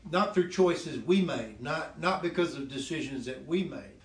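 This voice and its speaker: Animated man telling a testimony story. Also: normal speed, echoey room. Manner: animated storytelling, laughs often, quotes God in a lower voice. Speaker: guest sharing his testimony.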